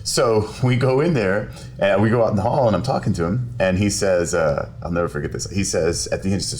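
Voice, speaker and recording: A man, a lawyer, telling a story in a casual podcast interview, animated and quick to laugh while acting out quotes. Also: on the low side, slight background noise. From South Texas. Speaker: personal injury lawyer, podcast guest. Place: podcast studio.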